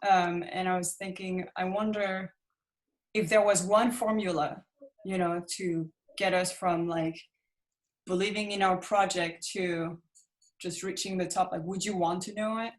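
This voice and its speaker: A woman's voice: on the low side, fairly even intonation, a little slow. Laughing woman musician, casual chat. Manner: laughs often, hesitant fillers. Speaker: musician guest.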